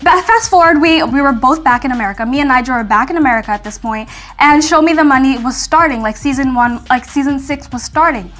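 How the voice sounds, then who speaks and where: A young woman casually telling a story to her viewers, chatty and animated, acting out what people said. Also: sits high, fast talker. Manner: chatty, animated, acts out quotes, frequent "like".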